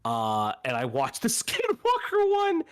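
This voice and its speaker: A man's voice: very high voice, huge pitch swings, a little slow. A man guesting on a stream, chatting loosely, laughing a lot and swearing freely. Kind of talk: casual stream chat.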